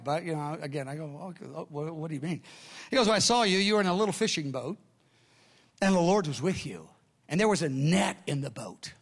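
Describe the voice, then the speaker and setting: Creaky-voiced man preaching, telling a story. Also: fairly high pitch. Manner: animated storyteller acting out voices, shifting from hushed to loud. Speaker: pastor. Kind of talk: sermon storytelling.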